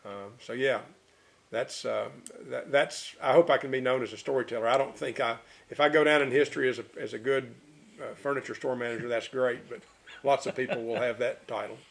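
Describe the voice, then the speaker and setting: A middle-aged man, telling rambling, animated anecdotes in an interview. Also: medium pitch, a little fast, creaky. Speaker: interviewee, local storyteller. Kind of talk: casual storytelling interview.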